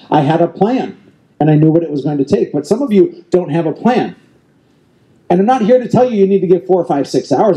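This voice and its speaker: This is a middle-aged man delivering a motivational keynote to a room of real estate agents. He drives each point home with repetition and direct challenges to the crowd. His voice sits a little high, yet its tone is deeply mellow and dark. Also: low-quality recording. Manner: emphatic, repetitive, coaching the audience directly. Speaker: real estate team leader speaking at an industry event. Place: event stage before a live audience.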